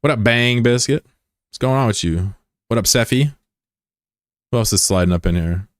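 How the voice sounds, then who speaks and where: A man streams a game while chatting loosely and jokingly, reading viewer messages, greeting them and teasing them in slang. His voice is mid-range at a moderate pace, recorded dry with clean studio sound.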